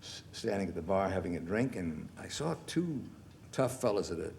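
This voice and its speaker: A man in his sixties, a guest on a television talk show, telling animated anecdotes and laughing through the punchlines. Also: deep voice, normal speed, gravelly, slight background noise. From United States. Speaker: guest actor. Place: television studio.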